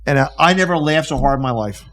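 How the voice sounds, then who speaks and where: A man co-hosting a podcast, telling a story with lively energy and acting out the people in it. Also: fairly high pitch, fast. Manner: animated storyteller who acts out the people in his stories. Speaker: podcast co-host. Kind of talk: casual storytelling chat.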